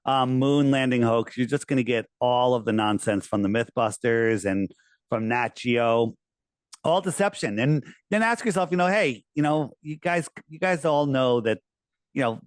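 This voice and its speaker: A man in a casual interview who talks in an animated, persuasive way and often restarts his sentences. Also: medium pitch, normal speed, no echo. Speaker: interviewee, flat-earth promoter.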